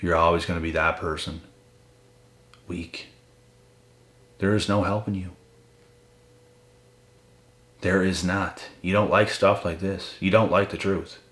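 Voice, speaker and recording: A man's voice: low-pitched, steady tone, moderate pace, pauses often, a bit bright. A man giving a blunt, profane, confrontational motivational rant straight at his viewers. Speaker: motivational channel host. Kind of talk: ranting motivational monologue. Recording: echoey room with faint noise.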